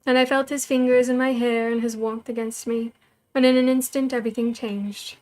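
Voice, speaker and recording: A woman storyteller reading a novel aloud, in measured, even first-person narration. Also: a little high.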